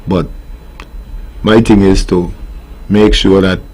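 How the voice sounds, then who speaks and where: A man's voice: low voice, level tone, slow, darkish tone, husky. A middle-aged man with a Nevisian Caribbean accent, a steel pan tutor talking earnestly in a radio interview and turning firm over his rules. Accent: Nevisian Caribbean English. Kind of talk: casual interview answers. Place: radio studio.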